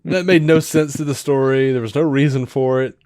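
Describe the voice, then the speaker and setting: A man co-hosting a podcast in casual chat. He rambles with many fillers and restarts, and retells scenes with animated quoted lines. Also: medium pitch, brisk, dry recording, clean studio sound. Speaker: podcast co-host.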